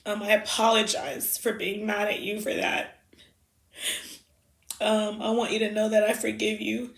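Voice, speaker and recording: A woman speaking heartfelt farewell letters, halting and emotional, with soft pauses. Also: medium pitch, completely flat delivery, creaky. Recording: roomy echo.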